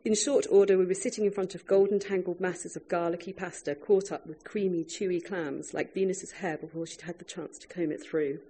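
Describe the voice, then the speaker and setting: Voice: mid-range voice, steady tone, brisk, few pauses, mellow, husky. An author reading their own food writing aloud to a live audience, wry and breaking off now and then for chatty asides.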